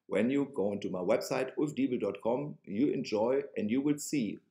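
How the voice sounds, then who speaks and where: A man's voice: medium pitch, moderate pace, mellow, reverberant. A man with a German accent preaching emphatically to camera, sarcastic and repeating phrases for effect. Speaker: online religious video host.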